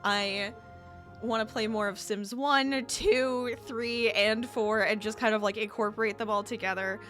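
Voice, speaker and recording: A woman gaming YouTuber chatting casually over her gameplay, upbeat and quick to laugh. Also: mid-range voice, fairly even intonation, fairly bright tone. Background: background music.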